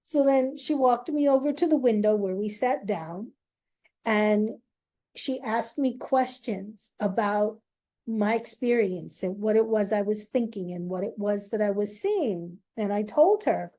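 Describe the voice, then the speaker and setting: Slow, mellow-voiced woman telling her story. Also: mid-range voice, expressive. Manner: slow, halting, with long pauses and emphasis. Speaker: speaker sharing a personal story. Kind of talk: emotional personal storytelling.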